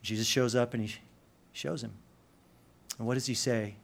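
A man preaching a sermon, swinging from loud urgent emphasis to hushed intensity, with casual slang asides. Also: medium pitch, huge pitch swings, brisk, pauses often. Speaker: pastor.

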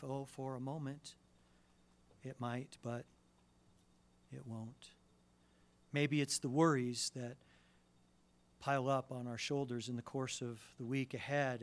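A male pastor preaching a sermon, dropping to a hush and then rising to loud, impassioned lines. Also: medium pitch. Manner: dramatic swings from hushed to loud, impassioned.

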